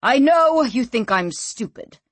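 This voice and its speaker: A woman's voice: a little high, animated, a little slow, no echo, pitched above the performer's own voice. Stern male guard captain, formal and dry, read by a woman narrator, close and dry. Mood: scornful.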